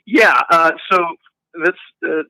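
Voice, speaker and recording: A man chatting casually with a friend, playful and jokey, quick to laugh. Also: on the high side, sharp tone, dry recording, rough recording. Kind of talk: casual chat.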